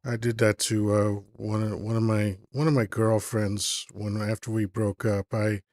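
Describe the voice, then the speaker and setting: A man's voice: fairly low pitch, little pitch movement, unhurried, a little mellow, no echo. A man hosting a live call-in stream, chatting casually and rambling as he thinks aloud with lots of fillers. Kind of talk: casual chat.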